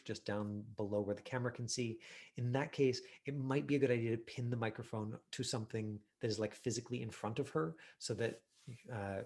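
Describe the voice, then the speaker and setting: A man's voice: on the low side, gravelly, a little mellow. A middle-aged man teaching an online acting class, talking casually with many fillers as he reviews a student's self-tape. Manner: chatty, full of fillers and "you know".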